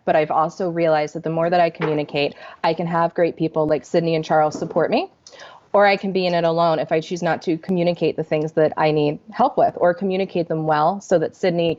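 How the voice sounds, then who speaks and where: A woman answering interview questions in an earnest, candid, measured way. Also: low voice, a little mellow, muffled recording. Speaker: manufacturing support leader, interview guest.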